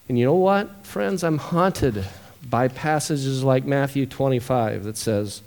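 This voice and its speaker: A man preaching a sermon as pastor, moving from quiet storytelling to loud, emotional scripture reading. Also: medium pitch, measured pace, gravelly.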